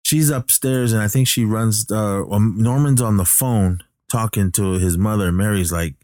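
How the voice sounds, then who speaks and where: A man's voice: on the low side, normal speed, darkish tone, no echo, clean studio sound. A man casually recapping a horror film, rambling and correcting himself with many fillers. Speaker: movie recapper.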